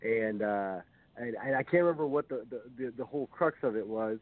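A man chatting as a guest on a sports talk show, speaking haltingly with many fillers. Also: medium pitch, no echo. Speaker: guest friend. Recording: dry, tinny phone-like line.

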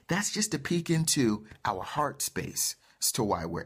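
A man hosts his own life-coaching show and delivers an impassioned monologue. His voice is husky and slightly rough, set at an ordinary middle pitch. He speaks emphatically and pushes into fervent, insistent passages. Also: sing-song, measured pace, hardly any pauses. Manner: emphatic, rising to fervent outbursts.

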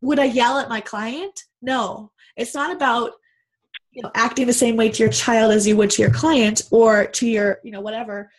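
A woman's voice: a little high, steady tone, normal speed. A woman guest from Canada, a mother and business owner, speaking candidly and earnestly in a casual podcast conversation.

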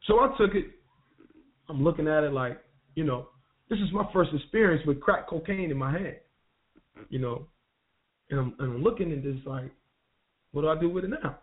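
A man on a radio show telling his life story in a relaxed, conversational way, using street slang and often restarting his sentences. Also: fairly high pitch, moderate pace, pauses often. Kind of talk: personal storytelling. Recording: tinny phone line.

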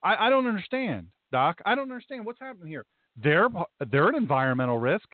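Male talk host, rambling and emphatic; slightly high, dry and close, phone-thin sound. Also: very animated, brisk, no room sound. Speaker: talk show host and pastor. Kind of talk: talk radio chat. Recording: tinny phone-like line, dry.

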